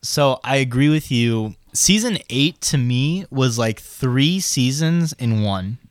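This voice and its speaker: A man co-hosting a casual podcast, swearing freely and retelling scenes with quick quoted lines. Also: medium pitch, animated, smooth, dry recording, clean studio sound. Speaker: podcast co-host. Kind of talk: casual chat.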